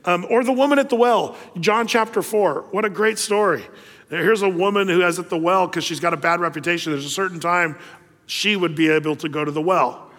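Guy preaching like he's just telling a story, umms everywhere, voice a bit high, big echoey church hall. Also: fairly quick, fairly bright tone. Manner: conversational, storytelling, many fillers and restarts. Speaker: pastor. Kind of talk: sermon. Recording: long hall reverb.

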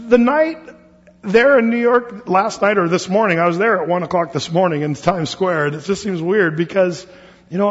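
A man with a high voice talks loosely through a Bible study, circling back on himself with lots of fillers and restarts. The sound is dull and lo-fi, and his voice rings with a long reverb like a big church hall. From Oregon. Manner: casual, rambling, with many fillers and restarts. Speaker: pastor.

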